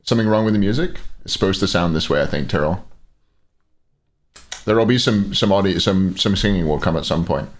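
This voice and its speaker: A man's voice: deep voice, brisk. A man casting a live esports stream, mixing game commentary with joking banter with his viewers. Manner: joking, chatty banter with chat. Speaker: esports caster and stream host.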